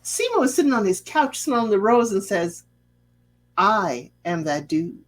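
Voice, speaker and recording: A woman's voice: medium pitch, measured pace. A woman talks through a reality-show episode in a casual, gossipy way. Her voice swoops and bounces as she acts out what people said. She drops pointed, sassy asides to her listeners. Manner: sassy, chatty, drops asides and rhetorical questions; acts out quoted lines in a lively voice. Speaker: TV recap host.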